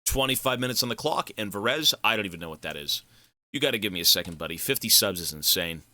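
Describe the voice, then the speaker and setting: A male live streamer chatting casually and thanking donors, excitable and effusive, swearing freely. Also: on the low side, fast.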